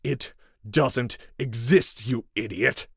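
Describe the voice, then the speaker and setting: A man's voice: mid-range voice, takes it slowly, gravelly, husky, no room sound, clean studio sound, voice pushed up, exaggerated voice. A man voicing a crude, foul-mouthed captive who mocks and threatens his interrogator in an audiobook. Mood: snarling. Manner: flippant and foul-mouthed, turning to snarling threats. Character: crude, mocking grown man tied to a chair. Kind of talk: audiobook character voice.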